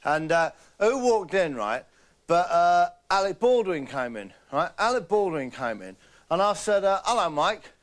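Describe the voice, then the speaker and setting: A man's voice: sits high, very animated, a little slow. A man doing a comic character, a boastful and dim celebrity who drops names, rambling and chatty. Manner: rambling, chatty, keeps saying "right?". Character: boastful, dim name-dropping male celebrity. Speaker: comedian in character. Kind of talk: comic monologue.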